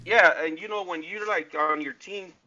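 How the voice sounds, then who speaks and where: A man's voice: high-pitched, moderate pace, dull audio, a crowd in the background. A man chatting casually on a livestream, blunt and laid-back with loose cursing. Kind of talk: casual chat.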